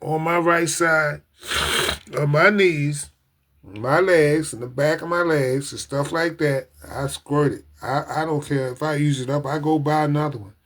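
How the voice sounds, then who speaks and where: A man's voice: fairly high pitch, fairly even intonation, unhurried. Earnest, emotional man talking to viewers. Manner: earnest, emotional, repeats himself; talks straight to viewers as "ladies and gentlemen". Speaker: livestream host. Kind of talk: casual livestream talk to viewers.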